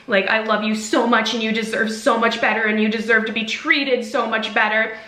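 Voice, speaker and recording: Lady putting on a shaky clingy fan dude, kinda high and bright, roomy echo. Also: steady tone, a little fast. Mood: pleading. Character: shaky lovestruck male fan, nervous and clingy.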